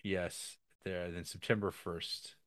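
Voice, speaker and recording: A man co-hosting a podcast, casually recapping a film in a rambling, halting way with many restarts. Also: deep voice, flat delivery, fairly bright tone. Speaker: podcast co-host.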